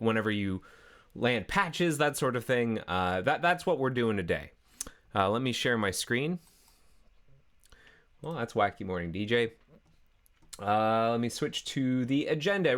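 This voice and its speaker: A man's voice: medium pitch, fairly bright tone, clean tone. A Canadian man hosting a live coding stream in easy, rambling casual chat, often restarting his sentences. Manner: rambling, self-correcting, easygoing. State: chewing a carrot. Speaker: livestream coding host.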